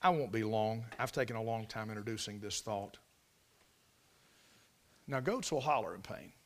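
Preaching a sermon in a folksy, storytelling style, this man swings between loud emphasis and hushed near-whispers. His voice sits lowish and he speaks at a normal speed.

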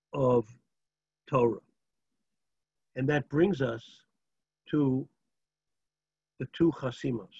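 A man's voice: a little high, husky, muffled recording. A man teaching a Torah class, sprinkling Hebrew terms into English and asking rhetorical "right?" checks while telling stories. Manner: rhetorical, asks "right?" and "okay?". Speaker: religious teacher. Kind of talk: Torah class lecture with storytelling.

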